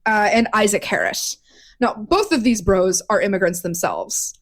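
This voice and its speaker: A woman co-hosting a podcast in casual chat, telling a story in a lively, profane way with lots of restarts. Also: mid-range voice, moderate pace. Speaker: podcast co-host.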